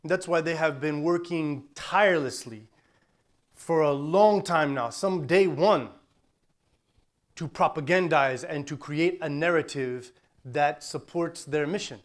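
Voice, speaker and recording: Man preaching a forceful, urgent sermon. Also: a little high, measured pace. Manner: forceful, urgent preaching with Arabic Quran recitation. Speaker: imam. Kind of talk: Friday sermon.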